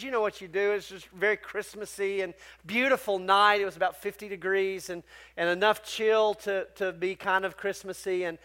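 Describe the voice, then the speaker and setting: High, bright-voiced storytelling pastor, a man. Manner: conversational, animated storytelling. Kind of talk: sermon.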